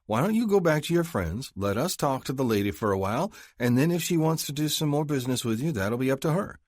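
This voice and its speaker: Man doing a calm outlaw guy trying to keep the peace, steady and reasonable. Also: medium pitch, fast, dry recording, clean studio sound, pitched above the performer's own voice, close to an everyday voice. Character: even-tempered male outlaw, keeping the peace.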